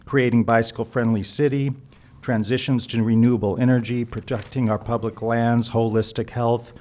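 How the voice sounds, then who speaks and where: A man with a mid-range pitch addresses a city council from the podium. He is formal and steady, filling his pauses with frequent uhs and ums as he announces a community event. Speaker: community event organizer giving public comment. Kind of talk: prepared announcement at a council meeting.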